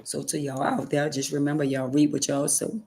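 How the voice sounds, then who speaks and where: A woman vlogger speaks at normal speed in a low, darkish voice with vocal fry and little pitch movement, over slight background noise. Talking straight to her viewers, she is preachy and scolding, hammering points home through emphatic repetition.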